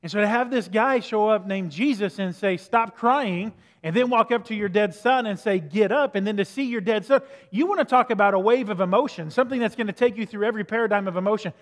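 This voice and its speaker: High-voiced man preaching in an echoing hall. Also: fast, hardly any pauses. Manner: conversational preaching, asks the listeners questions. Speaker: pastor. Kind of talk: sermon. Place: church sanctuary.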